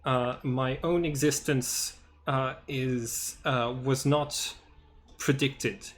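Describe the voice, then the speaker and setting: A man game master voicing a sentient computer intelligence that wants to return to the stars, in a slow, halting delivery. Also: mid-range voice, little pitch movement, slight background noise. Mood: measured.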